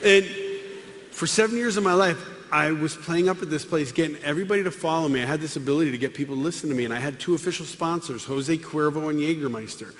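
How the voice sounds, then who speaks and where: Man, middle-aged, comic testimony, acts out voices, slightly high voice, long hall reverb. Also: fast talker. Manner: animated, acts out dialogue with voices. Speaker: speaker giving a testimony. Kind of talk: comic storytelling testimony to a live audience. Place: large hall with live audience. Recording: long hall reverb, faint room noise.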